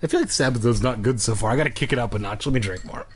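A man's voice: mid-range voice, rapid-fire, husky. A young man hosting a comedy podcast, reading a story aloud and breaking off into joking, rambling asides. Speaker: podcast host. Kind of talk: casual comedic reading and commentary.

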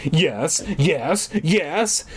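A man puts on a calm, kindly father in a children's horror story. He speaks softly and reassuringly, with a lively lilt. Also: fairly high pitch, very slow, husky, pitched above the performer's own voice, heavily acted. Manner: soft, reassuring.

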